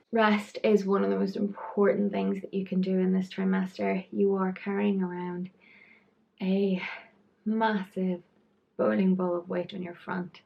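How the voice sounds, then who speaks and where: Chatty woman, gravelly edge. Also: mid-range voice, little pitch movement, measured pace, highs cut off, slight background noise. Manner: chatty and frank, trailing off into asides. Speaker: pregnancy vlogger. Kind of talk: casual talk-to-camera advice.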